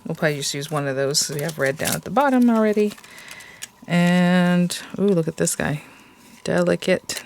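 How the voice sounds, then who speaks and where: A woman's voice: on the low side, a little fast, darkish tone, slight background noise. A woman hosting a casual crafting tutorial, chatting and thinking aloud with plenty of hesitant fillers.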